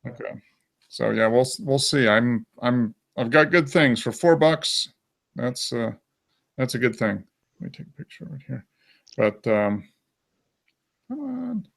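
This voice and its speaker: A man hosts a casual beer-tasting chat, talking through aromas and tastes with enthusiasm. His pitch moves around a lot as he talks. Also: big pitch swings, unhurried, vocal fry, pauses often. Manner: chatty, describes flavors enthusiastically. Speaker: beer show host.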